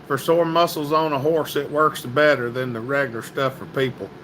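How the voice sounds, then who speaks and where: A man's voice: mid-range voice, steady tone, moderate pace, fairly bright tone, slight background noise, poor audio. A man hosting a casual livestream, reading viewer comments and greeting people by name in a folksy, chatty way. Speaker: livestream host.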